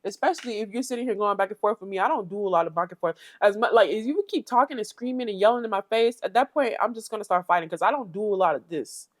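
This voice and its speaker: A woman's voice: medium pitch, fast, few pauses, no echo. A young woman from Florida who recaps a reality show with blunt, sassy casual commentary and talks straight to her viewers. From Fort Pierce, Florida.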